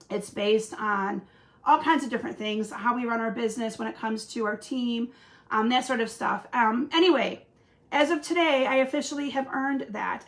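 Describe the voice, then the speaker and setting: Greeting viewers by name as she chats on her casual live craft stream, this Michigan woman sounds slightly hoarse after a recent cold. Her voice sits high.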